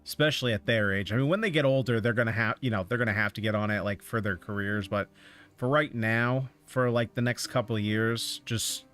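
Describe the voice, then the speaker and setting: A man's voice: fairly low pitch, steady tone, fairly quick, fairly bright tone, soft background music. A man streaming a game, chatting casually and offering rambling, opinionated thoughts as he plays. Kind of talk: casual chat while playing a game.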